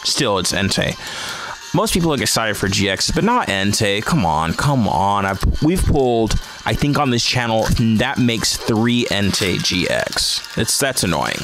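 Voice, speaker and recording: A man hosting a casual card-opening vlog, chatting and reacting aloud to each card he pulls. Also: fairly low pitch. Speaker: host of a card-opening channel.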